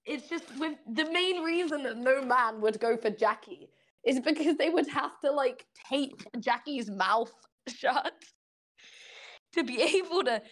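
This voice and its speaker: Voice-chat woman with a slight British accent, fairly high and very dry, blunt and sweary. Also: dry recording. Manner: blunt, profane, ranting with restarts. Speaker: voice chat participant. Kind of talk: casual voice chat. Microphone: computer mic in voice chat.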